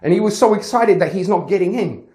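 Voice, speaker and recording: A man's voice: high voice, fast, mellow. A man who teaches swimming, giving casual advice and telling a story, acting out the conversations as he goes. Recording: roomy echo.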